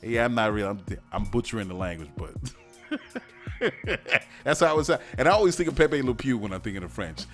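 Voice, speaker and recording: A man's voice: mid-range voice, very animated, fairly quick, faint music behind. A man hosting a casual radio show, rambling and joking with plenty of fillers and restarts. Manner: breaks into silly mock-French voices. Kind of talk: casual podcast monologue.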